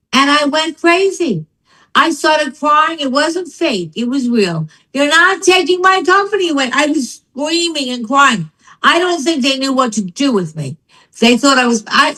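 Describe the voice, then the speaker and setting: Older lady guest on a talk show, a bit high voice, really animated and emphatic. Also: rough recording. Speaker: guest, business founder. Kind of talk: interview storytelling.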